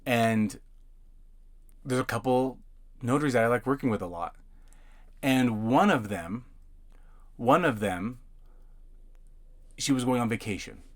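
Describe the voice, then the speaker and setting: A man's voice: mid-range voice, lively intonation, measured pace, long pauses. Rambling man telling stories from a van. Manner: rambling, repeats words, acts out other people's lines. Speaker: podcast host and notary. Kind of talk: casual storytelling monologue. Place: inside a van.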